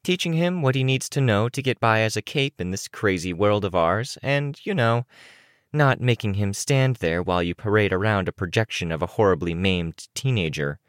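An audiobook reader voicing a sly, smug young woman who speaks smoothly and wryly. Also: lowish voice, lively intonation, moderate pace, dry recording, clean studio sound, voice pushed up, close to an everyday voice. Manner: wry, smooth and knowing.

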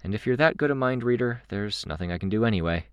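A man's voice: fairly low pitch, animated, fast, clean tone, no room sound, pitched above the performer's own voice, natural voice. A man voicing a guarded, direct young woman who asks careful, probing questions.

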